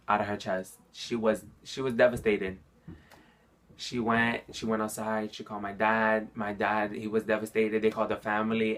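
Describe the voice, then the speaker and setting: A man's voice: fairly low pitch, a bit bright. A young man telling his personal story to a phone camera, earnest and heartfelt, often repeating himself. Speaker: vlogger sharing his cancer story.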